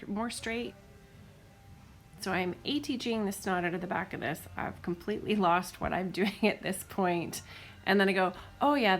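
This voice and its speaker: A woman's voice: medium pitch, slight background noise. A woman narrating a casual card-making tutorial as she works at her desk, chatty and rambling, with lots of fillers and self-corrections.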